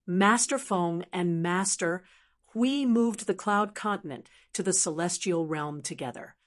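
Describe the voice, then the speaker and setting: A woman's voice: lowish voice, measured pace, lightly acted. A woman voicing a hesitant, flustered young male commander who stammers as he explains. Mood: wry.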